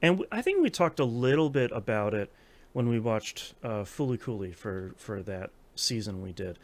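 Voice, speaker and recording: A man's voice: fairly low pitch, animated, moderate pace. A man in his thirties hosting a podcast, chatting casually with many fillers and restarts. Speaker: podcast host. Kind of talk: casual chat.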